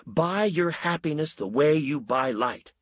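Lou is a brash, bearded ad man pitching his ideas eagerly, voiced by a male narrator. The husky voice rises a little above the reader's own, lively and dry. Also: a little slow, no echo.

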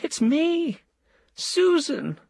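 Susan is a weary young wife voiced high and husky by a male reader, her tone swooping and lively as she gently chides. The delivery is close and dry, with no room sound. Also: very slow, dry recording, full character voice. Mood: pleading.

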